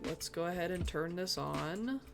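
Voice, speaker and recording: A streamer with a creaky, medium-pitched voice at normal speed provides live gameplay commentary, muttering to themself and grumbling over their own mistakes. Background music and keyboard typing can be heard.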